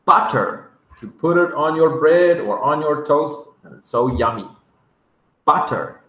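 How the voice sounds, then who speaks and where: A man teaching English words to young children, sounding them out slowly and coaxing them to repeat after him. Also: on the high side, lively intonation, pushed and bright. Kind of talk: vocabulary lesson for kindergarteners. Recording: echoey room.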